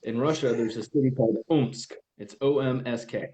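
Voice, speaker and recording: A young man in casual chat as a podcast guest, telling animated stories and acting out the voices he quotes. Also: mid-range voice, normal speed.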